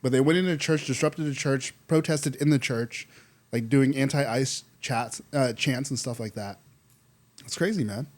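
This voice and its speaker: A man hosting a faith podcast, chatting casually and retelling a Bible story with lively acted-out quotes. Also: medium pitch, moderate pace. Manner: animated storyteller, acts out quoted voices, says "dude" often. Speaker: podcast host.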